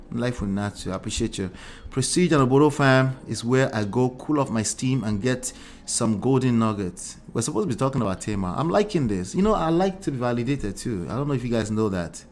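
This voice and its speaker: A man, a relationship coach and host, giving animated commentary in an exclamatory, teasing way full of rhetorical asides. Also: mid-range voice, fairly quick. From Nigeria.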